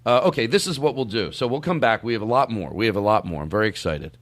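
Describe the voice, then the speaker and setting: A man's voice: fairly low pitch, animated, fast. A man hosting a podcast in casual studio chat, rambling and joking and often breaking off his own sentences. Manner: rambling, joking, self-interrupting. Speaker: podcast host.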